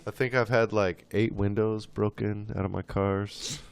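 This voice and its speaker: Low gravelly young dude, laid back, swears constantly. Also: male voice, fairly even intonation, measured pace. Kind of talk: casual chat.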